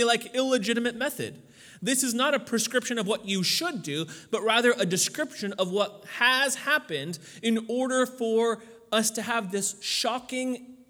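A man's voice: high-pitched, sharp tone, big-room sound. A man preaching a sermon as pastor, talking casually with lots of fillers and building to emphatic peaks.

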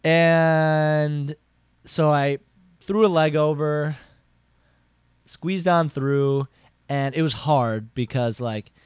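A young man hosting a podcast, telling a casual story with lots of filler words and restarts, getting animated for emphasis. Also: extremely slow, long pauses, clear, resonant tone, no echo, clean studio sound. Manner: rambling, filler-heavy with frequent "like" and restarts; animated, jumps up in pitch for emphasis. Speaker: podcast host.

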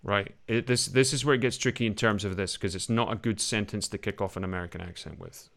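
A British acting coach giving a scene critique in class. His voice sits fairly low, and he talks in an animated, emphatic way, often acting lines out to make a point. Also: quick pace, vocal fry. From Britain.

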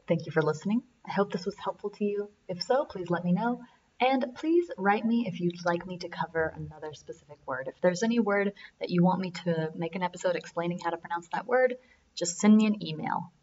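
A woman hosting a pronunciation podcast, talking to listeners directly in a friendly, lowish voice. She sounds set back from the mic, and the sound is dull and muffled. A faint hiss runs underneath. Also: distant mic. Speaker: podcast host. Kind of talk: podcast intro and outro.

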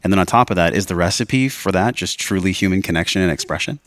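Low-voiced man asking thoughtful questions. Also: fast talker, a bit bright, no room sound, clean studio sound. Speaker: podcast host. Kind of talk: interview questions.

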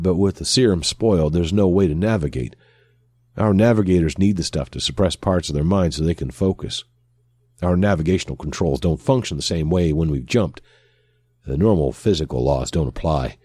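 A man playing a weary human crewman who talks in a brisk, anxious way. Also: sits low, warm tone, breathy edge, no echo, studio quality.

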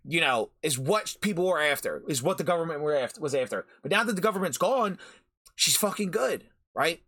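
A man hosts his podcast with a heated anime review rant, cursing freely and hammering each point twice. His pitch leaps around constantly. The tone is bright and forceful, with a punchy edge. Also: animated, fairly quick. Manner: profane, heated, repeats phrases for emphasis. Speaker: podcast host. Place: home recording during a storm.

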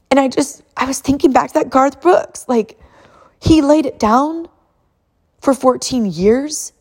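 In a high-pitched voice, a mother in her thirties recounts a family story with animation and emotion, laughing a lot and encouraging other moms.

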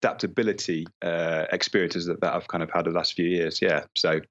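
A man's voice: low voice, steady tone, a little fast, a bit bright. A young man, a guest in a casual interview, speaking in a reflective, hesitant way with many fillers, over a dull lo-fi line. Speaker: guest, traveler and author.

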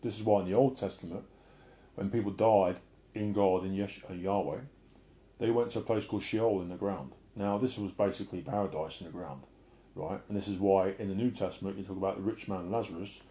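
A middle-aged man sharing an emotional personal testimony and preaching in an earnest way, often sinking to a soft murmur. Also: low-pitched, brisk. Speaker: Christian speaker.

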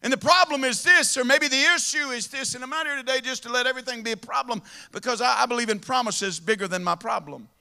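A man preaching a sermon, folksy and animated, telling a story with lots of repetition. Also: very high voice, fast, creaky, few pauses, clean tone.

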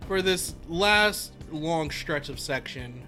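A man co-hosting a podcast in casual chat, talking in an animated, emphatic way and swearing freely. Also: a little high, slow, faint music behind. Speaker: podcast co-host.

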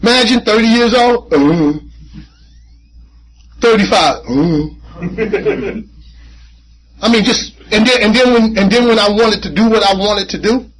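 A man speaking at a recovery meeting, telling his personal story in an animated, conversational way with casual slang and frequent repeats. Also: high voice, a little slow, pauses often, a little hiss or hum, low-quality recording. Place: meeting room.

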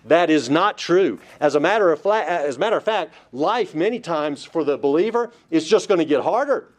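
A pastor with a fairly high-pitched, expressive voice delivers a Bible-study sermon at normal speed. He speaks emphatically and repeatedly puts rhetorical questions to his listeners.

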